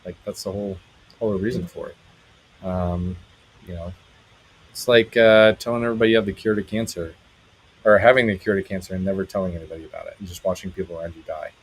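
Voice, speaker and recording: A married man hosting a live stream as a musician, chatting casually with viewers in a rambling, halting way, full of fillers, brightening when he greets people. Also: deep voice, fairly even intonation, husky, rough recording. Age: adult, married.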